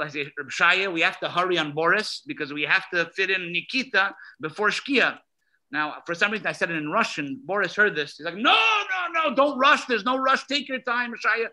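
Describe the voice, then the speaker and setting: Man, rabbi, storytelling, very bright voice, slightly high. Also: rough recording. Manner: lively storyteller, acts out dialogue, emphatic. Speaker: emissary rabbi. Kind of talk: storytelling talk at a gathering. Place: synagogue gathering hall.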